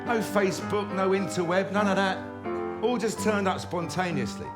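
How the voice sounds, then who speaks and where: Cheeky middle-aged storyteller, slightly higher voice, comic monologue. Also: male voice, moderate pace, loud music behind the voice. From London. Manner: wry, cheeky, conversational.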